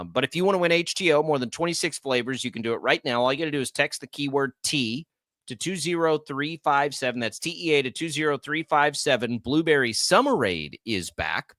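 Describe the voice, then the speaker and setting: A man hosting a sports radio show in casual, energetic talk, with an American accent. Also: medium pitch, dry recording, clean studio sound. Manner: chatty, energetic, reads ad copy.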